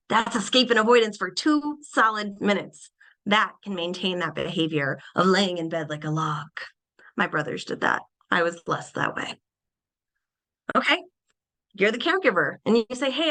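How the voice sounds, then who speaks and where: Young woman presenter, bright and lively, acts out examples in small voices during a webinar lecture. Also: medium pitch, rough recording. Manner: animated, acts out little scenes in changed voices. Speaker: behavior analyst presenter.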